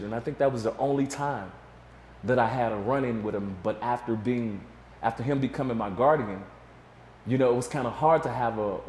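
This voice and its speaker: A man's voice: medium pitch, a little hiss or hum. Man telling a story in an echoey room. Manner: animated storytelling, acts out voices of others. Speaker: interview guest. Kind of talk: storytelling interview. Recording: echoey room with faint ambience.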